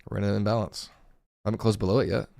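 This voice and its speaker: A man talks through his live trades in a relaxed, thinking-aloud way. His voice sits low and has a rough, gravelly edge, and it sounds worn and hoarse. The sound is dry and close, with no room echo. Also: rapid-fire. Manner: casual, thinking aloud over charts. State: hoarse, voice going. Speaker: day trading streamer. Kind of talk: live trading commentary.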